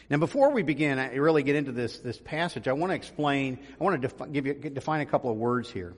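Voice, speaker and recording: A man's voice: mid-range voice, animated, fast talker, hardly any pauses. A man, a pastor, giving a conversational sermon with frequent ums and restarts, building to emphasis. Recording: long reverb of a large room.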